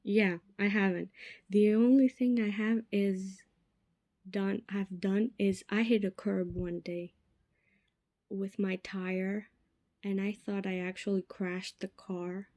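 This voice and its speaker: Slow, mellow-voiced young woman podcasting. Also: medium pitch, fairly even intonation, no room sound, dull audio. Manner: chatty and self-mocking, drops to whispered asides. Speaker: podcast host. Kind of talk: casual solo podcast chat.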